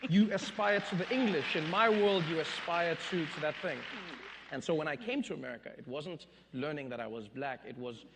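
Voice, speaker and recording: A man in his thirties, an interview guest telling stories on stage, animated and laughing as he acts out quotes. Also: on the high side, a little fast, in a large hall, noisy background. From South Africa. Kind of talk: storytelling in a public interview. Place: stage in an event hall.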